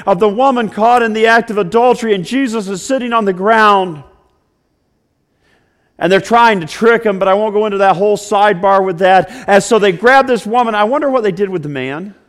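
A man preaching a sermon, telling the story with conversational asides, swinging between loud and hushed passages. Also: high-pitched, normal speed. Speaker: pastor.

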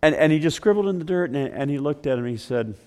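A male pastor preaching a sermon, swinging from loud declarations to hushed, slow storytelling. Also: fairly high pitch, lively intonation, smooth.

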